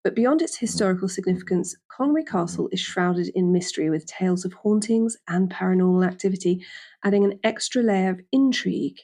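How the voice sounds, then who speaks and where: A woman's voice: on the low side, warm tone. Chatty woman hosting a podcast from a hotel room. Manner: chatty and jokey, with quick self-corrections. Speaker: podcast host. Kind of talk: casual podcast chat. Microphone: lapel mic.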